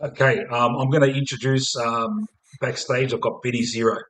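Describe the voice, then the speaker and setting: A man's voice: medium pitch, fairly even intonation, normal speed, a bit bright, rough recording. A man with an Australian accent hosting a casual footy stream, swearing often and padding with "mate" and "man". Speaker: host of a fan stream.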